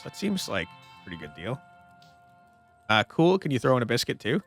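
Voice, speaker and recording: A man's voice: mid-range voice, big pitch swings, normal speed, faint music behind. A man casually commenting while playing a story game, laughing often. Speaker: gamer, streamer. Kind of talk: let's-play commentary.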